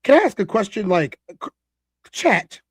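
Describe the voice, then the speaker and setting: A man's voice: sits high, normal speed, husky, no echo, studio quality. A man hosting a live reaction stream, laughing, talking to his chat and reading their comments aloud. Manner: animated, laughing, talks to chat. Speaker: streamer host reacting to a video.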